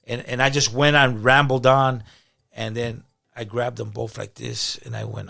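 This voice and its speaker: A pastor telling his story in a casual interview, animated and slangy as he talks. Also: medium pitch, moderate pace, creaky. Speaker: pastor and podcast guest.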